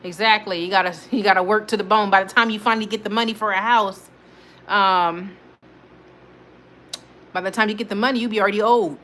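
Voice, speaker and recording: A young woman hosting a casual livestream talks straight to her viewers and reads their comments aloud. She laughs often and answers the chat as it comes in. Her voice is bright and forward, with a faint hum of noise behind her. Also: medium pitch, steady tone, fairly quick, pauses often. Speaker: livestream host.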